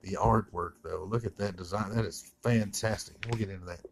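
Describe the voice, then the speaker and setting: A man's voice: low voice, steady tone, a little fast, a little hiss or hum. A man reviewing a comic in a casual, sarcastic and blunt way, swearing freely.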